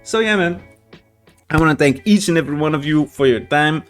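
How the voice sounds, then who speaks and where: Brief: male reaction vlogger, casual and rambling, curses a lot, voice a bit high, faint guitar music behind. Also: a little fast. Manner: rambling, frequent swearing and restarts. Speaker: reaction channel host. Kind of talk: casual storytelling to viewers.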